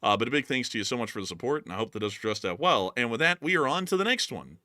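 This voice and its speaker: A man hosts a casual livestream chat about the news. His voice is bright and forceful, recorded close and dry. He jokes and laughs easily and keeps coming back to the same stock phrases. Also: mid-range voice, lively intonation, rapid-fire, no room sound. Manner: jokey, laughs often, repeats sign-off phrases. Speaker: news show host.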